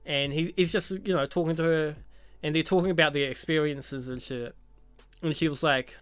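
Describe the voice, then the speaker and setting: A man's voice: fairly high pitch, steady tone, normal speed, a bit bright, smooth, dry recording. A man giving a casual, profane recap of a movie, full of sarcastic jokes and laughing asides. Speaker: YouTube movie commentator.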